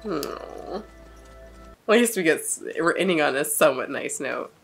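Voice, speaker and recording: A woman hosting a casual reaction video, expressive and swearing freely as she reacts. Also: low voice, moderate pace, gravelly, faint music behind. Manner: expressive, swears, laughs often.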